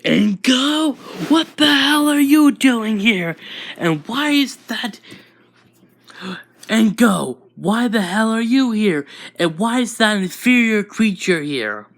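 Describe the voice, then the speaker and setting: A narrator voicing a bigoted old alien patriarch who yells at outsiders. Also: medium pitch, a little slow, gravelly, pitched above the performer's own voice. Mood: furious. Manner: yelling, contemptuous.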